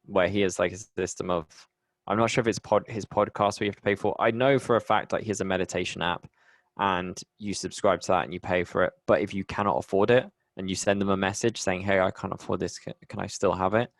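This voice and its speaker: A man's voice: low voice, fairly even intonation, quick pace, no echo. A young man with a Bristol accent from England, chatting casually as a podcast guest, rambling with many restarts. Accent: English, Bristol. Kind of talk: casual conversation.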